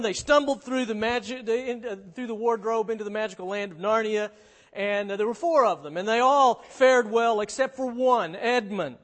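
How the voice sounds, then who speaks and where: A preacher, a man with a fairly high voice, retells a storybook tale to his listeners. His delivery swings between lively stretches and hushed ones. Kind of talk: sermon with storybook reading.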